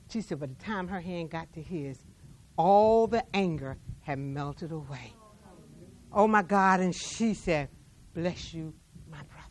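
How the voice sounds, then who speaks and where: Woman preaching with dramatic hushes. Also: fairly low pitch. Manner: dramatic swings from soft hush to raised emphasis; repeats words while telling stories. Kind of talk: sermon storytelling.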